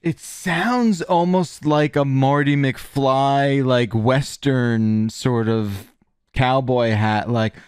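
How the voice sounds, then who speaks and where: A man's voice: mid-range voice, drawn-out words, smooth, dry recording. A man on a casual talk show, answering questions with a dry, joking manner. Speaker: podcast co-host. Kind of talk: casual chat.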